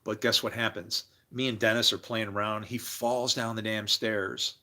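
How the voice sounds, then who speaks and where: A man livestreaming, telling rambling personal stories in a loose, animated way, laughing and swearing freely as he jumps between tangents. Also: on the low side, normal speed. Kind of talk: casual rambling storytelling.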